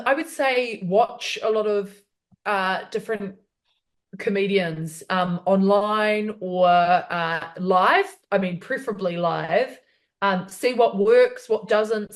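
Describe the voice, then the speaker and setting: A woman's voice: mid-range voice, slow pace. Nz woman comedian chatting in an interview, friendly, upbeat, laughs a lot. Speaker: comedian guest. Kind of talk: casual interview chat.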